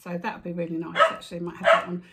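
A middle-aged woman chatting casually at home as a crafting vlogger, gushing over her finds and breaking off to hush her dog. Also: fairly low pitch, monotone, rapid-fire. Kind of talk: casual chat. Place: at home in a living room. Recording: noisy home recording with dog sounds. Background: a dog barking and moving about.

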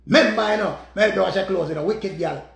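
A high-voiced man with a Jamaican accent tells a story as a dramatic, repetitive rant full of curses. His voice has a gravelly, rough edge. The recording is echoey and roomy. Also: quick pace. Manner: repetitive, profane, dramatic retelling. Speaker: vlogger.

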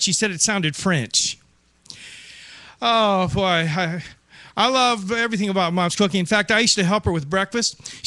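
A man with a high, sharp voice delivers a stand-up routine of groan-worthy gags. He laughs along at his own jokes in a self-amused way. The sound is dry and close. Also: no room sound. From Ohio. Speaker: stand-up comedian. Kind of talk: stand-up one-liners.

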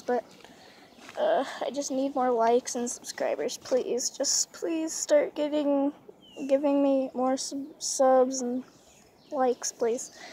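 A woman with a high voice rambles hesitantly in a casual vlog, recorded outdoors from a lounge chair. She talks slowly and pleadingly. Faint background noise is heard behind her. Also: dark tone. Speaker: vlogger.

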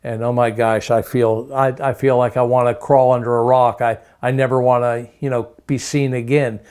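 A man preaches a sermon emphatically, piling up rhetorical questions and repeating words to drive home his points. His ordinary male pitch comes across as smooth and darkish, with a level tone at a moderate pace.

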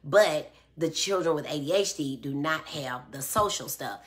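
A woman's voice: low-pitched, moderate pace. A middle-aged woman hosting a live stream, reading out viewer comments and explaining patiently with everyday examples. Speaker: host answering viewer comments. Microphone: phone or tablet.

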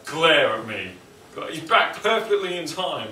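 A man's voice: on the high side, big pitch swings, normal speed, pushed and bright, far from the mic. Rambling, joking English man. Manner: joking, self-deprecating, rambling. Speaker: cooking vlog host. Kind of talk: rambling casual monologue. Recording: echoey room, mic some way off, faint noise.

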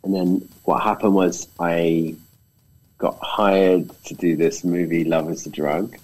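A man's voice: deep voice, slow pace, low-quality recording. A British man, a film director, telling stories in a casual conversation and acting out the quotes. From Britain. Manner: animated storyteller, acts out quotes.

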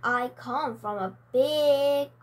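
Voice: high-pitched, drawn-out words. A woman reading as a boastful wolf. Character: boastful male wolf storybook character.

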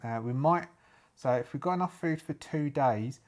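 A man's voice: a little high, moderate pace. Man from Ireland, casual solo-game narrator, rambling and thinking aloud, many fillers.

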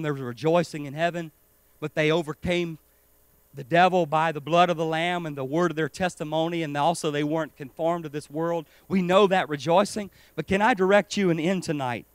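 A man preaching a sermon with urgent emphasis, swinging between loud stresses and quiet asides. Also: on the high side, dry recording. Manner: urgent and emphatic, rising and falling in loudness.

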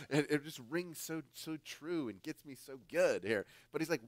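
A man from the United States, a guest pastor preaching a conversational, emphatic sermon that swings between louder and softer. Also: fairly high pitch, lively intonation, normal speed, no echo.

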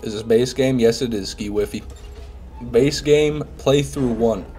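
A man's voice: medium pitch, a little slow, mellow, soft background music. A young man streaming a game live, chatting casually with viewers, reading chat aloud and swearing now and then, while sick with a head cold. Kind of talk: casual live gameplay commentary.

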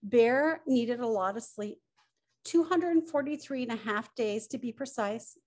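A middle-aged woman, the author, reading her picture book aloud with expressive storytelling. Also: fairly high pitch, unhurried. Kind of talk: children's story read-aloud.

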